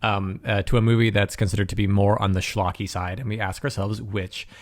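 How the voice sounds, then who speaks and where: A man's voice: on the low side, little pitch movement, brisk. A man hosting a movie podcast, rambling and laughing as he talks into an iPad mic. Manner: rambling, laughs often, self-interrupting. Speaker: podcast host. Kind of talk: casual chat. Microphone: iPad microphone.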